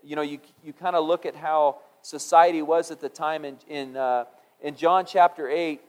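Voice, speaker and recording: A middle-aged man preaching a sermon in a conversational, musing way, rising for emphasis and dropping low when quoting scripture. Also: fairly even intonation, normal speed. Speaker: pastor.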